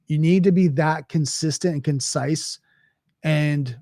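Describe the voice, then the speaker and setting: A man's voice: on the high side, measured pace, creaky, warm tone, no room sound. Dry-voiced man hosting a cyber talk. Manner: conversational with frequent restarts and "right?". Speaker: cybersecurity host. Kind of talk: solo Q&A talk.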